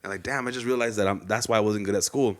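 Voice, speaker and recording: A man's voice: fairly low pitch, steady tone, racing, a bit bright. A young man hosting a podcast, chatting casually in a slangy, rambling storytelling way. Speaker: podcast host. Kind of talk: casual chat.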